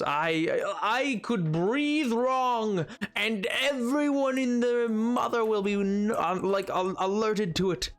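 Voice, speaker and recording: A man from the United States chats casually while streaming a game, his high voice fairly bright. His talk rambles in a playful, self-mocking way.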